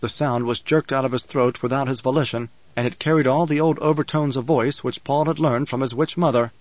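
A man narrating an audiobook in a measured, dramatic reading style. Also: medium pitch, fairly even intonation, dry recording. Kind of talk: scripted narration. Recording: dull, dry recording.

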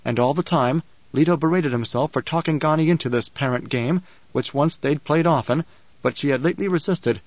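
Guy reading an audiobook, measured and dramatic, slightly high voice, dry muffled sound. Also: dry recording. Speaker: audiobook narrator. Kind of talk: scripted narration. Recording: dull, dry recording.

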